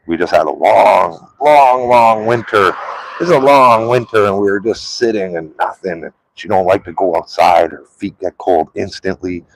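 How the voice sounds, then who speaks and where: A man's voice: low voice, moderate pace, vocal fry, no room sound, poor audio. A man chatting loosely on a live stream, full of "like" and "um", rambling from one thought to the next. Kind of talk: casual live-stream chat.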